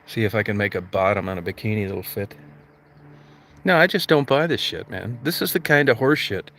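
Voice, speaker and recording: A man's voice: fairly low pitch, a little fast, fairly bright tone, a little hiss or hum. A man hosting a livestream, ranting crudely with constant swearing and mock outrage. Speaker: livestream host. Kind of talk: profane comedic rant.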